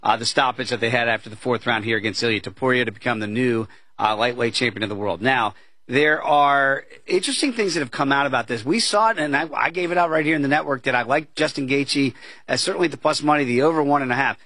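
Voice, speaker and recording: A man's voice: medium pitch, fast, pushed and bright, dry recording. A man hosting a sports betting talk show, chatting casually with asides and tangents. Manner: chatty, conversational, fond of asides.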